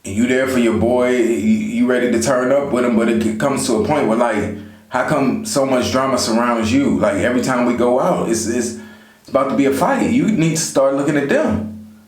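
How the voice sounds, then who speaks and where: Guy vlogging casual life advice to camera, mid-pitch voice, kinda echoey room. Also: moderate pace, a little mellow. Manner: conversational, repeats "you know", talks straight to viewers. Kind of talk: casual motivational talk to camera.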